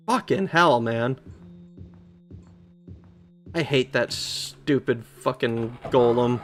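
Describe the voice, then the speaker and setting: A man streams a retro game and keeps up a running commentary, cursing freely whenever the game annoys him. His voice sits at an ordinary middle pitch, and faint music plays underneath. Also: very slow, pauses often. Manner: swears heavily, easily frustrated, talks to chat. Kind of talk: let's play commentary.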